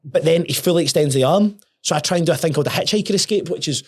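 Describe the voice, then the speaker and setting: A man's voice: fairly high pitch, rapid-fire, slightly rough. Sweary man telling a story. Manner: sweary, animated, repeats and restarts words. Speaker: podcast guest. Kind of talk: casual storytelling.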